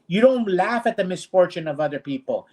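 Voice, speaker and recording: A man's voice: high voice, expressive, fairly quick, a little mellow. A man co-hosting a streamed talk show, ranting bluntly and indignantly in casual discussion. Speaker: co-host.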